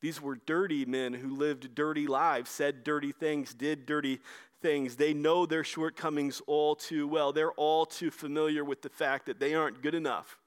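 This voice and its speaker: Conversational preaching man, higher voice. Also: fairly even intonation, clean tone. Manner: conversational preaching, shifting between brisk and slow emphatic delivery. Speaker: pastor. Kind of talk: sermon.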